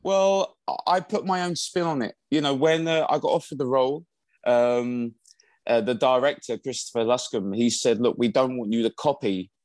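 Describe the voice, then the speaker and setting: Man, stage actor, interview guest, rambling casual chat, mid pitch, dry close sound. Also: normal speed, darkish tone, dry recording. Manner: chatty, rambling with many fillers and restarts.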